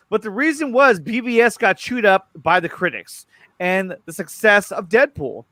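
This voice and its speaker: Excitable man chatting, high-pitched and dry. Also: no room sound. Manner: excited, repeats words, quick stammering restarts. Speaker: show host. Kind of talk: casual chat about movie news.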